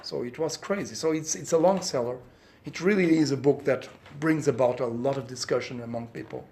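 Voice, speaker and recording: A man's voice: mid-range voice, a little fast, darkish tone, a little hiss or hum. A middle-aged man from Portugal with a Portuguese accent, an author speaking English at a press conference. He talks in a chatty way and explains his points through anecdotes and examples.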